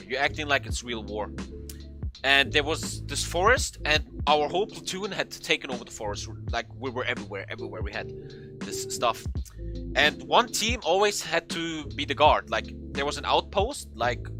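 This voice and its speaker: A young man telling a funny story in a casual, animated way, swearing often and acting out what people said. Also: on the high side, normal speed, music in the background. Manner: animated, swearing, acts out quotes in a raised voice. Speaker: vlogger.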